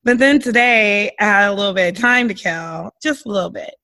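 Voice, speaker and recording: A woman co-hosting a podcast in casual chat, her voice hoarse and husky, deeper than usual; she rambles loosely and drops to a whisper for asides. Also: a little fast, bright, forceful tone, no room sound. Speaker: podcast co-host.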